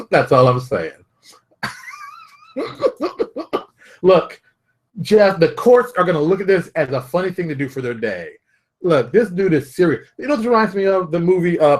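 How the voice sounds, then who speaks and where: Animated husky man telling stories. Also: fairly high pitch. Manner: animated storytelling, acts out quotes, laughs often. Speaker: show host. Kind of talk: casual commentary.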